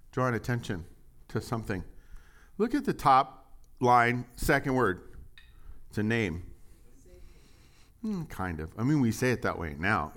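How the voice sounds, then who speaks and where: A man's voice: mid-range voice, fairly bright tone. A male pastor giving a casual, conversational Bible teaching who jokes and asks the room questions. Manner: chatty and jokey, asks the audience questions. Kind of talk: casual sermon and Bible study.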